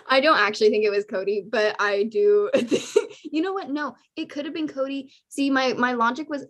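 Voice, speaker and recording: A young woman co-hosting a casual fan podcast. She talks in an excitable, gushing way with a slightly high voice and laughs often as she rambles. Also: normal speed. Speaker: podcast co-host.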